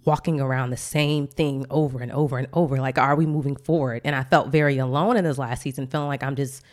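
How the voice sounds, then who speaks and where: Fast-talking low-voiced woman storyteller. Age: 30s. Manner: animated storytelling, faith-filled. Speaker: podcast co-host. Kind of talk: casual chat.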